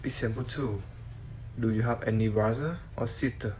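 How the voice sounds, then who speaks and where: A man whose first language is Vietnamese, reading a class presentation on sentence stress in a halting way with many "uh" fillers. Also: mid-range voice, a little mellow, slight background noise, rough recording. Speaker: student presenter.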